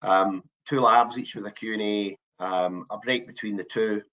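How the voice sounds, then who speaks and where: A man with a fairly low voice presents a business webinar, pausing on frequent ums and restarting his phrases. His audio sounds muffled, like a lo-fi online call. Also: steady tone, pushed and bright. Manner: hesitant, many ums and restarts. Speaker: webinar host.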